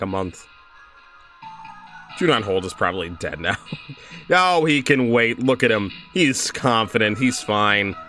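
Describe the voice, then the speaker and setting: A man's voice: fairly low pitch, bright, forceful tone. A young man streaming a game, chatting casually, laughing often and reading on-screen text aloud.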